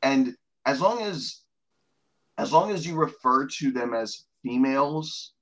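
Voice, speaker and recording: A man co-hosting a casual podcast with an ordinary mid-range voice. He talks in an animated way, swears freely and laughs often between points. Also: mid-range voice, measured pace, rough recording. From United States. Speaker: podcast co-host.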